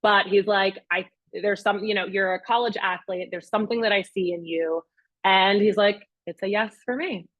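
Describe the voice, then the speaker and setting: A woman's voice: medium pitch, moderate pace, dry recording, muffled recording. A young adult woman, a real estate agent, telling a personal story at a master class and acting out her own past words and other people's. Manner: animated storyteller, quotes herself and others.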